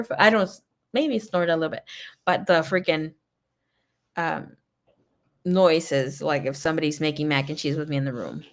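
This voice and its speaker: A woman's voice: sits low, steady tone, normal speed, pauses often. A woman tarot reader chatting casually on a livestream, telling rambling stories full of swearing and laughter. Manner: chatty, profane storytelling; laughs often.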